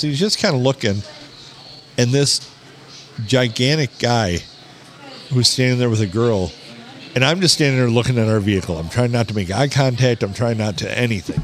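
A man hosting a podcast from a bar, telling a story in a casual, animated way, swearing and quoting people. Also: medium pitch, normal speed. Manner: swearing, animated anecdote teller who quotes people. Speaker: podcast host.

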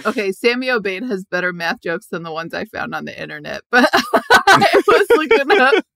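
A woman's voice: mid-range voice, very animated, moderate pace, creaky, fairly bright tone, no room sound, clean studio sound. A young adult woman comedian chatting as a guest on a podcast, laughing often and rambling in a self-mocking way. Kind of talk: casual podcast chat.

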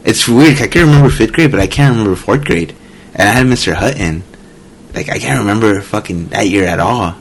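A man's voice: on the low side, brisk, gravelly, breathy edge. A man talking casually as a podcast guest, rambling with lots of filler words. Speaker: podcast guest, host's younger brother. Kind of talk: casual chat.

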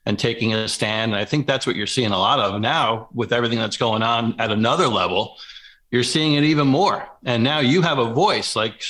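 Bright-voiced man, steady co-host. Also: mid-range voice. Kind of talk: casual political chat.

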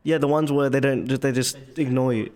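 A man in casual chat, reacting to a friend's story with quick interjections. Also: medium pitch, fairly even intonation, a little mellow.

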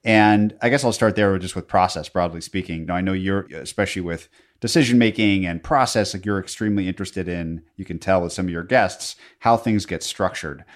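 A man's voice: low voice, fairly quick. A man co-hosting a podcast, asking long enthusiastic questions in a casual way. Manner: enthusiastic, rambling, laughs at himself. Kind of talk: casual conversational interview.

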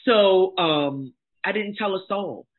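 A middle-aged woman, a life coach and motivational speaker, telling her own story as a guest, blunt and emphatic in a candid, animated way. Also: mid-range voice, takes it slowly. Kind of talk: candid personal storytelling in conversation. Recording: tinny phone-like sound.

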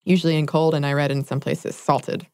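Low-pitched lady cohost, chatty, giggly, dry studio sound. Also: flat delivery, brisk, dark tone, clear, resonant tone, no room sound. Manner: laughs often, self-correcting. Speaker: podcast co-host. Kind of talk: casual chat.

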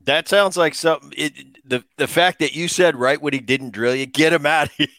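A man's voice: on the high side, brisk, a bit bright, no echo, clean studio sound. A man hosting a casual interview, chatting and reminiscing with his guest. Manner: chatty, reminiscing, laughs along. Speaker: host.

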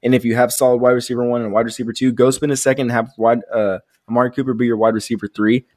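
A man's voice: mid-range voice, flat delivery, racing, a little mellow, dry recording, clean studio sound. A man co-hosting a podcast, giving confident takes on fantasy football in casual chat. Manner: confident, teasing. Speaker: podcast co-host.

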